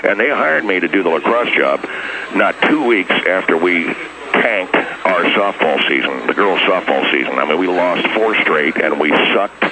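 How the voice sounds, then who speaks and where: A man's voice: low-pitched, very noisy, voice pushed down. An actor playing a bitter, rambling male school coach calling in to a radio comedy sketch. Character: grumbling, blunt male school sports coach. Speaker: caller.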